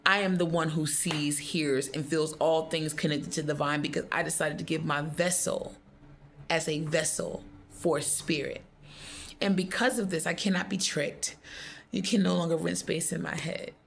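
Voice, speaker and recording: A woman's voice: deep voice, fairly even intonation, normal speed, gravelly. A woman speaking straight to her viewers in an impassioned, defiant faith monologue, reciting affirmations one after another. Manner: defiant and declarative, repeating affirmations. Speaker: vlogger.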